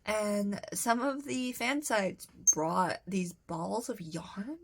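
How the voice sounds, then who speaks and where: A woman's voice: medium pitch, takes it slowly, breathy edge. A young woman telling a rambling, giggly story in a casual vlog, often restarting her sentences. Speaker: vlogger.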